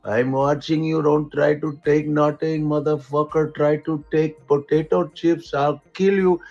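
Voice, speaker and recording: A man voicing an angry male shopkeeper with an Indian accent who threatens and curses loudly. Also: on the high side, level tone, lo-fi sound, soft background music. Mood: furious. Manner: loud, threatening, rapid cursing. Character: angry male shopkeeper guarding his store.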